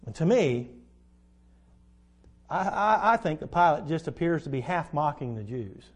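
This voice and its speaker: A man's voice: on the high side, big pitch swings, measured pace. A man preaching a verse-by-verse Bible lesson in a conversational way, asking his listeners questions and acting out the quoted lines.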